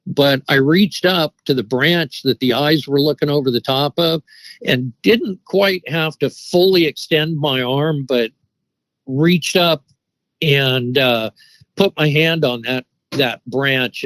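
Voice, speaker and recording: A man's voice: mid-range voice, takes it slowly, a bit bright, dry recording, low-quality recording. A middle-aged man telling a long story in a casual, rambling way, full of restarts and fillers. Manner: rambling, with many restarts and "you know" fillers. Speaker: guest telling an encounter story.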